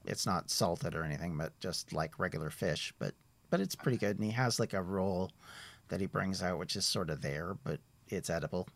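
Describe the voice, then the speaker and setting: A man narrating as game master of a tabletop role-playing game, relaxed and meandering. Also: sits low, moderate pace, creaky.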